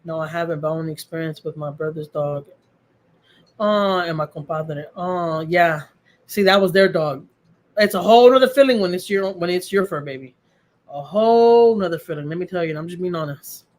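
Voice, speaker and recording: A woman's voice: on the low side, normal speed, darkish tone. A middle-aged woman, hosting a casual livestream from home, chatting with viewers in a heartfelt way and repeating phrases for emphasis. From Texas. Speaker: livestream host. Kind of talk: casual livestream chat answering viewer comments.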